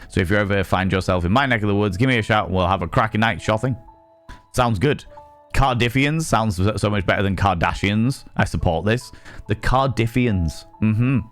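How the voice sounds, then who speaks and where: A man with a West Country accent chatting casually on a live stream, reacting to chat with quick, sweary asides. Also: fairly low pitch. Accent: West Country English.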